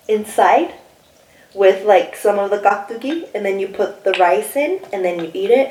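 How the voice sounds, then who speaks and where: A bubbly, excitable young woman hosting a casual mukbang, chatting about her food and laughing often. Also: mid-range voice, moderate pace, a little hiss or hum. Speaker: mukbang host. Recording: echoey room, mic somewhat distant.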